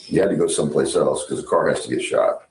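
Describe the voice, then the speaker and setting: A man's voice: very deep voice, fast talker, a little mellow. A male interviewer asking methodical questions and restating answers to pin down the details. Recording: roomy with faint hiss.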